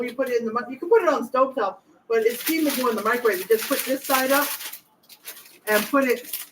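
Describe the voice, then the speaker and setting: The recording is low quality, with a little hiss or hum, and this woman's fairly high voice is picked up from a distance. She's a home cook chatting casually to viewers in her kitchen, speaking straight to them and wandering from thought to thought.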